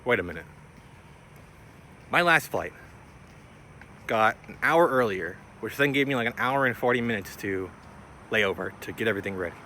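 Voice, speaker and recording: Rambling young man telling a story. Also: noisy background. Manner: rambling, slangy, filler-heavy; rises in pitch when retelling panic. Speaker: vlogger. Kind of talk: casual storytelling.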